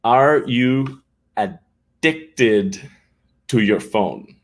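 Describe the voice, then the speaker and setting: A man's voice: medium pitch, lively intonation, extremely slow. An Irish man hosting a casual live-stream chat for English learners, greeting viewers by name and laughing often. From Ireland.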